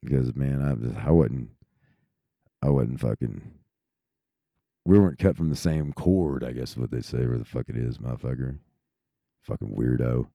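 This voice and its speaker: A man's voice: very deep voice, moderate pace, vocal fry, long pauses, mellow, no room sound, clean studio sound. A man in his thirties who grew up in Texas, ranting casually in a rambling, profane stream. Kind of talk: casual rant.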